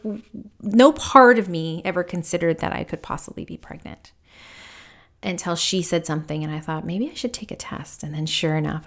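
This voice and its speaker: A woman in her thirties, a podcast host and spiritual medium, telling a personal story in a candid, reflective way with many fillers. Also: fairly low pitch. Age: 30s.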